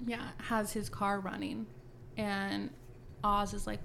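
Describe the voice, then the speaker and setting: Gravelly woman recapping a book. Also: mid-range voice, slow pace, a little hiss or hum. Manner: animated retelling, lots of swearing and "like". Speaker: podcast co-host. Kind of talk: casual book-club chat.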